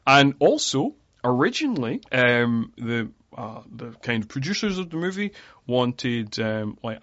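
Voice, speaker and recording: A man's voice: mid-range voice, fairly bright tone, dry recording. A man co-hosting a casual podcast about a film, rambling with lots of fillers. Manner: rambling with many fillers and laughs. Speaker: podcast co-host. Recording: dry, dull lo-fi audio.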